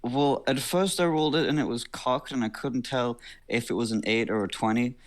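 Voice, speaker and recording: A man of middle pitch plays a tabletop game with loud enthusiasm. He swears casually and talks to his dice, growing excited about big rolls. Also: normal speed. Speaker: player.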